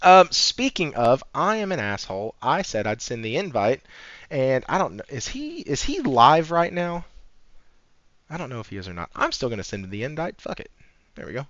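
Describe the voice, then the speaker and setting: A man hosting a casual gaming news podcast, talking in an animated, profane, sarcastic way and laughing often. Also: medium pitch, moderate pace, no room sound. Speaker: podcast host. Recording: dry, slightly dull audio.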